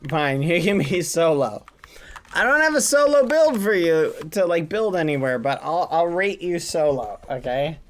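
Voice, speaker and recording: A man's voice: fairly high pitch, sing-song, normal speed, faint music behind. A man hosting a building game on stream, casually chatting and joking with the players and encouraging them. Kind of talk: casual livestream commentary.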